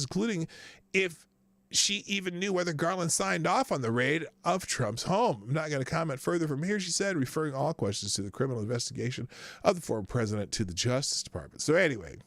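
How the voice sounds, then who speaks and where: A man's voice: on the high side, expressive, quick pace, a bit bright, dry recording. A man hosting a live news commentary show, talking in a sarcastic, rambling way with frequent swearing and restarts.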